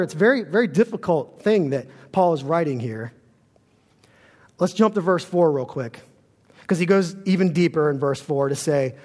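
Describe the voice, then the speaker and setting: A man's voice: a little high, darkish tone, in a large hall. A man preaching a sermon as pastor in a church, earnest and storytelling.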